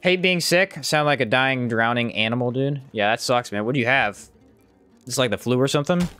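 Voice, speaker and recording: A man's voice: fairly quick, a bit bright, soft background music. A man streaming a game live, chatting casually with viewers and reacting to the play. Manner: chatty, reads out chat, jumps up in pitch when surprised. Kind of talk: casual live gameplay commentary.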